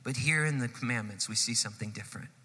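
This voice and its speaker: A man preaching a sermon, telling a story with animated swells and sudden drops in loudness. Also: medium pitch, fast talker, breathy edge, in a large hall. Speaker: pastor.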